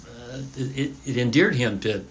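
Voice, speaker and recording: A man's voice: medium pitch, normal speed. A man hosting an interview, asking questions and giving short listening responses. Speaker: podcast interviewer.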